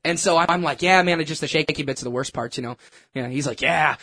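A man telling a personal story in a casual, animated, self-mocking way, with lots of restarts. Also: fairly high pitch, fast talker. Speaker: churchgoer sharing a testimony.

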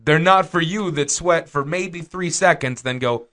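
A man's voice: on the high side, a little slow, sharp tone. A man co-hosting a casual podcast, giving advice thoughtfully and joking about himself. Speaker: podcast co-host.

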